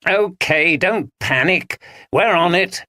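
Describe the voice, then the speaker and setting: A man's voice: high-pitched, takes it slowly, sharp tone, dry recording, clean studio sound, pitched above the performer's own voice, exaggerated voice. Brief: contemptuous hothead in an audiobook, as a male reader plays him. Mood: sneering. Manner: sneering. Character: contemptuous, hot-tempered young man.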